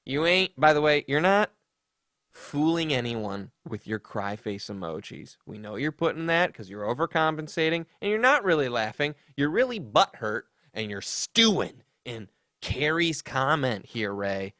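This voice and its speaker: Animated, sarcastic male podcast host. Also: medium pitch, measured pace, no room sound, clean studio sound. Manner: sarcastic, mocking, with sassy put-on voices for quotes. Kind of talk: casual comedic commentary.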